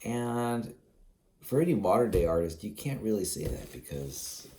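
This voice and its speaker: A man's voice: lowish voice, big pitch swings, moderate pace, warm tone. A man rambling in a solo vlog monologue, musing aloud with many fillers and restarts, chuckling now and then, sleepy and yawning. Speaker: vlogger.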